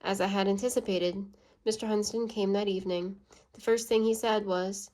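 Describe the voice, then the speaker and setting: An audiobook reader, a woman with a mid-range voice, reads a classic novel aloud in a measured, even storytelling manner.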